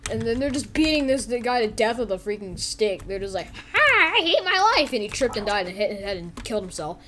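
A woman giving excited, giggly commentary on gameplay as host of her own video, breaking into silly character voices. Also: mid-range voice, quick pace, a little hiss or hum.

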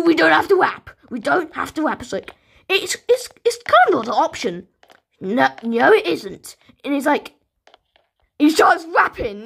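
British woman gaming YouTuber; high, bouncy delivery, rambling and excitable, faint music under her. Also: gravelly. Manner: excitable, rambling, talks to viewers. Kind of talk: let's play commentary.

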